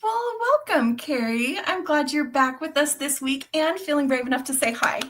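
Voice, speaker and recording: A woman co-hosts a late-night craft stream in easygoing chat, reading out viewer comments and laughing often. Her voice sits fairly high. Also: expressive, normal speed, fairly bright tone, slight background noise. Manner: chatty, laughs often between remarks. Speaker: co-host of a beading livestream.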